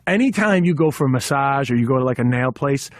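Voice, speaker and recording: A man, a stand-up comedian, telling a story on a radio show with quick halting restarts. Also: mid-range voice, expressive, no room sound. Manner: fast, halting restarts, switches into Mandarin. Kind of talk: street comedy bit and studio chat. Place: radio studio.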